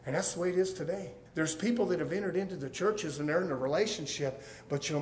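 High-voiced preacher shouting in bursts. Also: male voice. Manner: swings from low and quiet to loud shouting; emphatic, repetitive preaching cadence. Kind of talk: fiery sermon.

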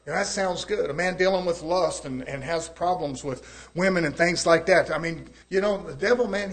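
A man preaching a sermon in a folksy way, his volume rising and falling. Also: fairly high pitch.

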